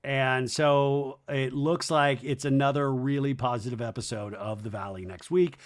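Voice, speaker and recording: A man hosting a podcast, recapping a reality show in an animated, gossipy, rambling way. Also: medium pitch, moderate pace. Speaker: podcast host. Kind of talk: casual comedic TV recap.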